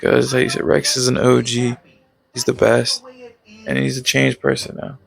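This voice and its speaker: A man giving a casual, excited recap of a show, rambling with plenty of fillers and sound-effect words. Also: mid-range voice, moderate pace, gravelly, low-quality recording. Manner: rambling, filler-heavy, leans on "basically" and "like".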